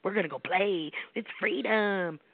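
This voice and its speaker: Here the middle-aged American psychic medium speaks in a mid-range voice at a measured pace, hosting her call-in show. Bluntly and emphatically she recounts personal stories, using salty language and rhetorical questions. It comes through a tinny phone line, dry and free of room sound.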